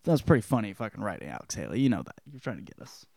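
A man's voice: on the low side, very animated, very fast, gravelly, warm tone, no echo, clean studio sound. A man hosting a podcast, giving a casual spoken book report in a rambling, joking way with lots of swearing. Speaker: podcast host.

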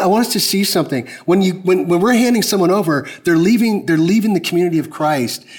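A man preaching a sermon in a conversational, emphatic way, often asking the congregation direct questions. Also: high voice. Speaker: pastor.

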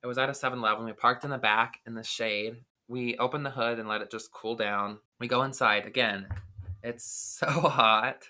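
A man co-hosting a casual podcast tells a long, rambling story full of fillers. His voice is bright and forward, sitting at an ordinary middle pitch. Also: moderate pace. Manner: rambling, filler-heavy, animated retelling. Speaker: podcast co-host.

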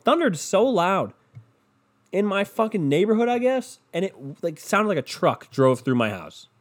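A man host delivering a profane, exasperated ranting monologue, repeating his points for emphasis and throwing crude insults. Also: mid-range voice.

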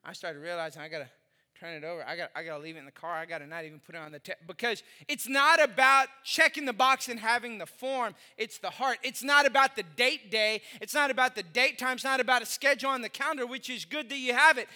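A middle-aged man preaching a sermon as a pastor, telling funny stories from his marriage and breaking into shouts now and then. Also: very high voice, fast, big-room sound. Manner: animated humorous storytelling, bursts into shouting.

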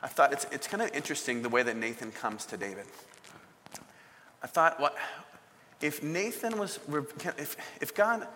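A man's voice: a little high, big-room sound, a little hiss or hum. A man preaching a sermon, telling a story and now and then acting out the people in it. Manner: storytelling, acts out a shouting king in bursts.

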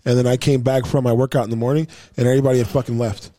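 A man hosting a casual group chat, animated, teasing and profane. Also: medium pitch, rapid-fire, crowd noise.

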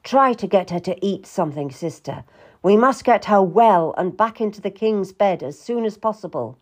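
A woman's voice: medium pitch, expressive, normal speed, lightly acted. A woman voicing a stern, impatient middle-aged duke who talks in a brusque, dismissive way.

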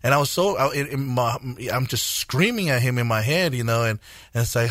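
A man in his forties tells his story on a radio talk show. He speaks at a middle pitch, earnest and halting, often repeating himself and filling pauses. The sound is close and dry, with little room around it. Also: lively intonation, fairly bright tone, dry recording. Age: 40s. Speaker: guest minister. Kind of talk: testimony in a radio interview.

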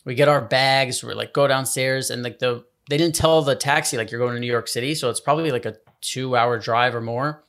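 A man's voice: mid-range voice, steady tone, a little fast, hardly any pauses, a bit bright. A young man telling a rambling, swear-filled story in casual chat. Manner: rambling anecdote, swearing, laughs often.

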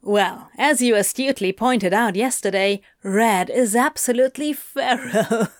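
A woman's voice: on the high side, unhurried, no echo, clean studio sound, close to an everyday voice. A woman voicing a cheery male demon who drawls his words.

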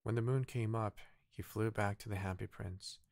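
A man with a Korean first language reads a fairy tale aloud in a calm, soft bedtime-story manner. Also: vocal fry, dry recording, clean studio sound. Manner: slow, soft, low-key reading. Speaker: narrator.

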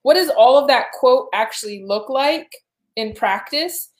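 A woman with a mid-pitched voice co-hosting a podcast. She talks through ideas in a thoughtful, rambling way. The sound has a roomy echo. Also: animated, a little slow. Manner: thoughtful, rambling, with fillers and restarts. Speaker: podcast co-host. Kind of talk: casual podcast chat.

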